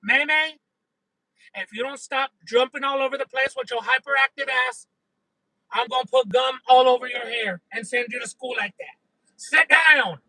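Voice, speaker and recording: A man playing a loud, crude mother yelling threats at her unruly daughters in a comedic skit. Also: very high-pitched, normal speed, no echo, full character voice, low-quality recording. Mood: scolding.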